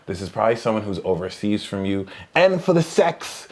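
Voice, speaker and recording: A man's voice: fairly low pitch, sing-song, fairly quick, darkish tone. A man co-hosting a live podcast, reading tarot cards in a casual, joking way and laughing often. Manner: joking, laughs often, trails off mid-sentence. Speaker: podcast co-host, tarot reader.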